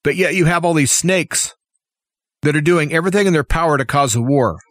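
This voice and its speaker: Firing off one rhetorical question after another, this American talk show host gives a fiery, opinionated political commentary. His voice sits a little high for a man, slightly bright and a touch fast. The recording is close and dry, with no room sound or echo.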